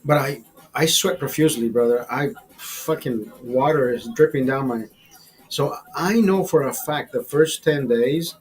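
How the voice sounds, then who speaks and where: A man's voice: mid-range voice, unhurried, poor audio. A man hosting a livestream, chatting to his viewers in a profane, rambling, easygoing way. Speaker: livestream host. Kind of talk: casual chat to viewers.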